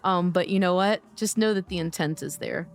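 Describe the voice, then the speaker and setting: A woman's voice: on the low side, normal speed, faint music behind. A woman streaming a game live, chatting and teasing her viewers by name, her voice worn from days of streaming. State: losing her voice. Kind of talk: casual live-stream chat.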